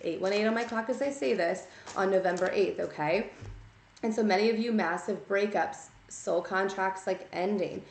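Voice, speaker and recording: A woman giving a casual tarot reading, blunt and chatty, scolding her listeners and checking in with "okay?". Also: mid-range voice. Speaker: tarot reader. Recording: echoey room.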